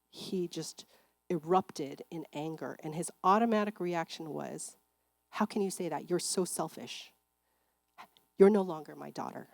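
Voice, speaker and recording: A woman gives a church seminar talk and recounts her own story in a loose, conversational way. Her voice sits on the lower side, and she scatters filler words throughout. The sound is dry and close. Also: a little mellow, dry recording. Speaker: seminar speaker and clinical psychologist.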